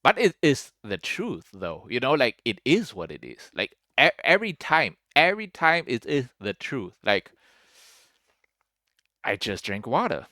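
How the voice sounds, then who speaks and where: A man giving casual reaction commentary as a spiritual commentator, rambling and musing with many fillers and trailing off quietly. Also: mid-range voice, wildly swooping pitch, a little slow, no room sound, studio quality.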